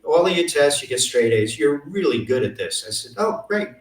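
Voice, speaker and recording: A man's voice: mid-range voice, expressive, a little fast, roomy sound, far from the mic, poor audio. A man telling stories as an interview guest, acting out the dialogue he quotes. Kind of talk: storytelling interview.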